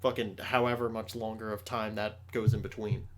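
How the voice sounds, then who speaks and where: A man's voice: fairly low pitch, level tone, a little fast, noisy background. A young man hosting a podcast, chatting casually, rambling and swearing often with lots of restarts. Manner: rambling, profane, frequent restarts. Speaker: podcast host.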